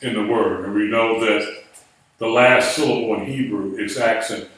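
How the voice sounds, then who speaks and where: A man teaches a Biblical Hebrew class in classroom lecture style, patiently explaining rules and spelling out words letter by letter. His voice is fairly low and a bit bright, with fairly even intonation and a moderate pace. He's far from the mic in an echoey room.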